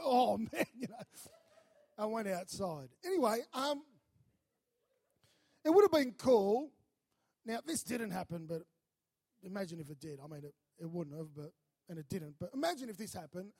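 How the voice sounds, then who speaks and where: A man preaching a sermon, telling a lively story and acting out the voices in it. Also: sits high. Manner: animated, acts out voices in his stories. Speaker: pastor.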